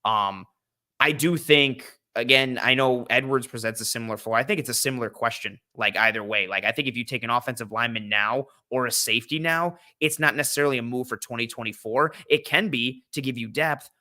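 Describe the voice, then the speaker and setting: A man's voice: mid-range voice, a little fast, sharp tone. A young man hosting a casual football draft discussion, rambling with fillers and restarts. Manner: rambling, lots of fillers and restarts, hums to himself while thinking. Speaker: podcast host. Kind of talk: casual draft-analysis chat.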